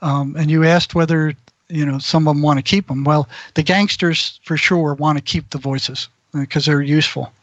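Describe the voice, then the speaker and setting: A man's voice: a little high, steady tone, moderate pace, fairly bright tone, no echo. Man telling stories over muffled lo-fi audio. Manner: rambling storyteller who acts out quoted voices. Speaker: guest, mental health practitioner. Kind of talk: anecdotal storytelling in an interview.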